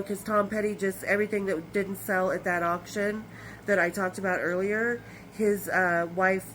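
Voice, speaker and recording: A woman's voice: mid-range voice, a little hiss or hum, poor audio. An older woman in her sixties hosting her own podcast, chatting loosely to her viewers, rambling and swearing now and then. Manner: chatty and rambling, with swearing and bursts of brighter energy. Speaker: podcast host. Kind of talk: casual direct-to-camera chat.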